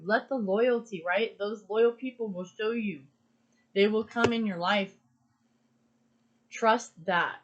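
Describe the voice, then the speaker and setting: A tarot card reader gives an earnest, emphatic pick-a-card reading, repeating phrases for stress. Her voice sits at medium pitch and sounds emotional, and the audio is lo-fi.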